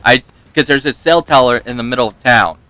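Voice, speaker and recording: A man with a bright, forceful voice tells a rambling personal story over gameplay, poking fun at himself and laughing along the way. His voice is recorded dry and close, with almost no room sound. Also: medium pitch, fairly quick, no echo. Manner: rambling, self-mocking, laughs often. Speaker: gaming channel host.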